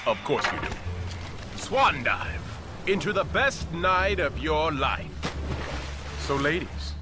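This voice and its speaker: A man's voice: a little high, very animated, takes it slowly. A man playing an overconfident ad spokesman, speaking in a bold, theatrical scripted delivery and answering his own questions. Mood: grandiose. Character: smooth overconfident male pitchman, grandiose and playful. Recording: ad audio over loud music.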